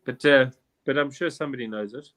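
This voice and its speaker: Rambling, self-mocking quiz host. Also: male voice, medium pitch, fast talker, fairly bright tone. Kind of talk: joking quiz banter.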